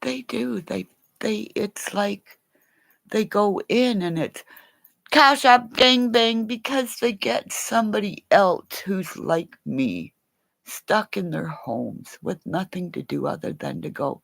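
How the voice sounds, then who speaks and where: A woman from Canada rambling through a livestream monologue, jumping between topics and bursting into shouts and silly rhymes. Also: mid-range voice, animated, slow pace, gravelly, no room sound. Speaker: vlogger.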